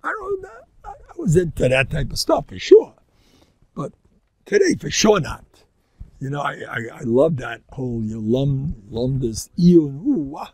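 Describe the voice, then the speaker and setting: A man's voice: a little high, big pitch swings, a little slow, a little mellow, no room sound. An older man, giving an informal, rambling Torah talk as a rabbi, joking and dropping Yiddish and Hebrew words. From Far Rockaway, New York. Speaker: rabbi lecturer.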